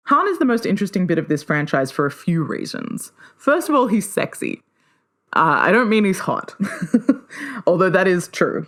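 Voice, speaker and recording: Flying solo as her podcast's host, a woman chats in a lively, playful manner. Her voice regularly rises in pitch out of sheer excitement.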